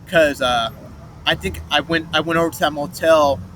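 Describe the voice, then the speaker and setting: A man's voice: on the high side, fairly even intonation, normal speed, bright, forceful tone. Rambling young man, noisy street. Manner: rambling, restarts, swears, mimics others' voices in quotes. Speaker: vlogger telling a personal story. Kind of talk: rambling first-person storytelling. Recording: noisy street, traffic behind.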